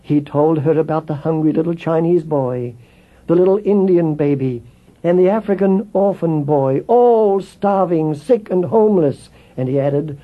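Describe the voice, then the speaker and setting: High-voiced man telling a children's story. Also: normal speed. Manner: expressive, swelling with emotion. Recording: tinny phone-like with faint music.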